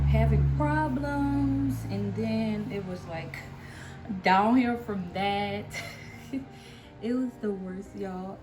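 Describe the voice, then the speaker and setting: A woman's voice: medium pitch, low-quality recording. A young woman talking straight to her viewers in an unscripted, rambling way. She keeps addressing them as "y'all" and fills her sentences with "like". Music plays behind her voice. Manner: candid and rambling, with many "like"s and "y'all"s. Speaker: vlogger, new mother sharing her story. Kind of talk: casual personal storytelling to camera.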